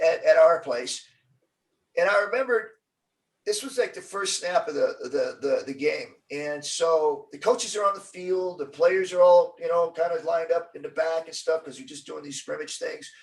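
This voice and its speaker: A middle-aged man telling a story as an interview guest, acting out the quotes with lively energy. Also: on the high side, far from the mic, low-quality recording. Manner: animated storyteller, acts out quotes.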